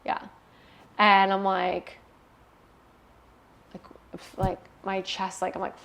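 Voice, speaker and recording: A woman's voice: mid-range voice, monotone, takes it slowly, pauses often, a bit bright, slight background noise. A young adult woman, an interview guest, telling a painful personal story candidly and emotionally, swearing freely.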